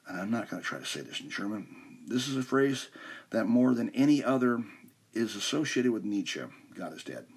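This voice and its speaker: A man's voice: mid-range voice, expressive, normal speed, husky. A man hosting a podcast, explaining a philosophy text in an informal, conversational way and stumbling over names now and then. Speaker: podcast host. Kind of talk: casual explanatory podcast talk.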